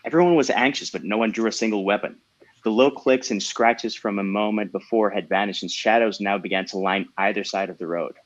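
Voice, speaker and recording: A man who hosts a panel, reading a passage of his own novel aloud in a steady storytelling manner. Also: on the low side, brisk, no room sound. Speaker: host and author. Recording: dull lo-fi mic, dry.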